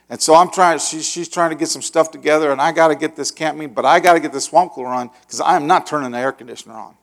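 A middle-aged male pastor telling a long story in a sermon, acting out the voices and shouting the dramatic parts. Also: on the high side. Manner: animated, acts out voices with loud shouts.

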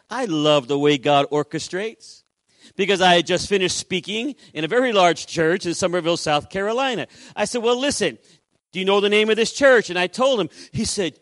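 A man preaching, his voice pitched high and heard dry and close. He tells a story from the pulpit and slips into the voices of the people in it. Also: moderate pace, fairly bright tone, no room sound. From Puerto Rico. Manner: acts out dialogue with shifting voices. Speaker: pastor. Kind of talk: sermon storytelling.

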